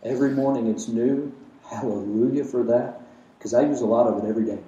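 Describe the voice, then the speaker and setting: A man preaching a sermon, emphatic, with rhetorical questions and swings between loud and quiet. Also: mid-range voice, brisk, muffled recording. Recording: echoey room, mic at a distance.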